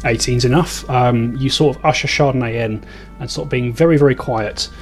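Male game master, mid pitch, rambling scene descriptions. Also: brisk, faint music behind. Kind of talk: narrating a tabletop game.

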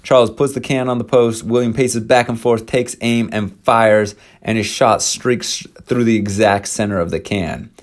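A man with a somewhat low voice retells a dramatic historical episode in a loose, conversational way. He leans on slang and fillers and acts out the quoted dialogue with energy. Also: fairly even intonation, moderate pace, few pauses. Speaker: storyteller presenting church history. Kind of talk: casual storytelling talk.

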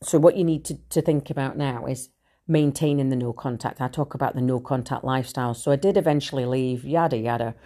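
A Scottish woman with a Glasgow accent, telling her own story in a blunt, animated monologue full of swearing. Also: extremely low pitch, a little fast. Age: adult with three children. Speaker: speaker sharing her recovery story.

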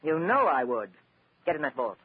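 A man's voice: fairly high pitch, big pitch swings, moderate pace, breathy edge. An actor playing a nervous, flustered, middle-aged male collector caught in a crime in a 1940s radio drama, heard through an old lo-fi broadcast. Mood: threatening. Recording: narrow lo-fi vintage radio broadcast.

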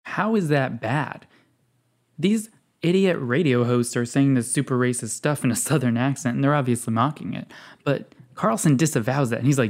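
A man's voice: medium pitch, normal speed, darkish tone. Sarcastic man doing reaction commentary. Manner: sarcastic, scoffing, reads text aloud. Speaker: commentary video host.

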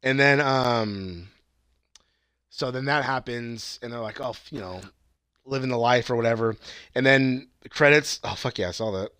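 Casual podcast co-host, man with a tense bright voice, excited rambling plot recap full of profanity. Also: mid-range voice, moderate pace, clear, resonant tone, dry recording. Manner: excited, rambling, swears a lot, laughs at bits. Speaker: podcast co-host reviewing movies.

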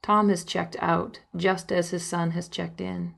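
A woman's voice: fairly low pitch, little pitch movement, a little slow, vocal fry, few pauses. Woman narrating her own memoir. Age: young adult. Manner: intimate first-person storytelling, emotional quoted lines.

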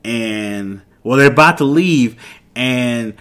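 A man's voice: mid-range voice, expressive, fairly bright tone, smooth. Casual man rambling through a show recap. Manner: rambling, quotes characters in quick voices, loose casual grammar.

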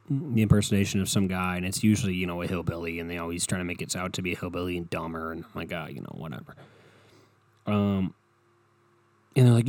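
Profane rambling man, low and dark. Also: dry recording. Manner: rambling, profane, animated storytelling. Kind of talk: casual comedic monologue.

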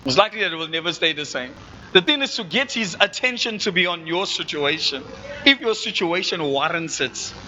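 Bright-voiced South African pastor preaching. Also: male voice, on the high side, expressive, brisk, dull audio. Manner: conversational preaching, asks the congregation if they follow. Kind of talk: sermon.

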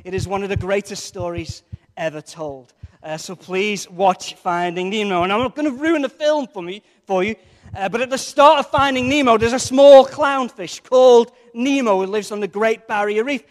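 A man's voice: high voice, normal speed. A man preaching a sermon in a conversational, jokey way, with playful asides to the congregation. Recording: long reverb of a large hall.

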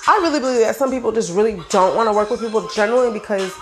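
A woman's voice: on the high side, rapid-fire, over music. A young woman vlogger talking to her viewers in a casual, rambling, slangy and profane way.

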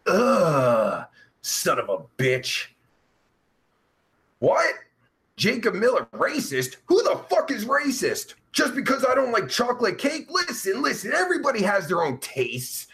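A man's voice: very high voice, huge pitch swings, unhurried, a bit bright. A young man hosting a live stream, reading out chat and answering in a rambling, profane, sarcastic way with groans and sighs.

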